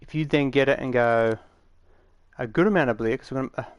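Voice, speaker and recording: A man's voice: mid-range voice, fairly quick, clear, resonant tone, dry recording. Casual rambling man talking over a tutorial. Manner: rambling, matter-of-fact, with frequent fillers. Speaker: game tutorial maker. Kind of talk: casual screen-recorded tutorial.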